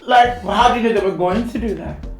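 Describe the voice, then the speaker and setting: A woman's voice: medium pitch, a little fast. A woman co-hosting a podcast, in casual, rambling chat full of restarts. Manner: chatty, rambling with many restarts. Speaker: podcast co-host. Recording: roomy sound with faint music.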